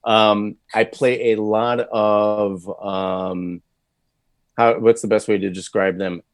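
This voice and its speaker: Low-voiced man, candid chat. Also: little pitch movement, slow pace, smooth, no echo. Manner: candid, chatty, self-deprecating. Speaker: voice actor guest. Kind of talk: casual interview chat.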